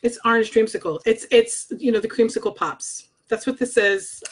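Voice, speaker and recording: An adult scent consultant, who is married, reads scent descriptions aloud in a casual product review vlog, chatting bluntly and swearing casually into her own microphone. Her voice is a little high and husky, and she talks at a normal speed with few pauses.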